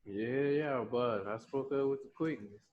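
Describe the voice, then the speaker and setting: A man with a medium-pitched voice co-hosts a casual podcast, talking bluntly and swearing freely. He brushes things off in a dismissive, no-nonsense way. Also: normal speed, phone-quality sound. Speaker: podcast co-host.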